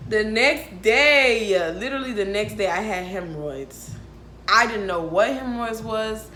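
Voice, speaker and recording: A woman in her twenties telling a storytime vlog, animated, frank and profane, laughing often. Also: medium pitch, echoey room, slight background noise. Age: 20s. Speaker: vlogger. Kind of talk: casual storytime monologue.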